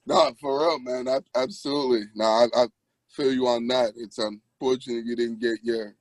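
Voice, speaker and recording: A man co-hosting a sports podcast asks long, meandering questions full of restarts. His mid-pitched voice is recorded dry, with no room sound. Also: steady tone, dry recording, low-quality recording. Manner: halting, many fillers and restarts. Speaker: podcast co-host. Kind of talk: casual interview questions.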